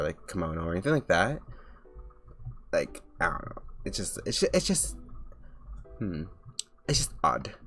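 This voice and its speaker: Young male vtuber with a very low voice, chatty and rambling over faint background music. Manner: rambling, full of filler "like"s and restarts. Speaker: vtuber streamer. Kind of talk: casual chat while drawing on stream.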